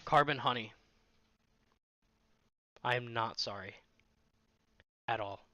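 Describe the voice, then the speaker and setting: A man's voice: mid-range voice, slow, sharp tone. A man presenting an award in a rambling, self-mocking way, with mock-dramatic asides. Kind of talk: casual comedic presenting.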